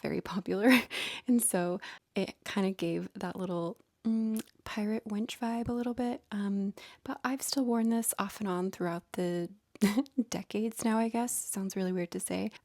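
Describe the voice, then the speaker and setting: A young adult woman vlogger casually walking through her accessory collection, chatty and gushing, with many fillers and soft half-whispered asides. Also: medium pitch, steady tone, a little slow, dry recording, clean studio sound. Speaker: fashion vlogger.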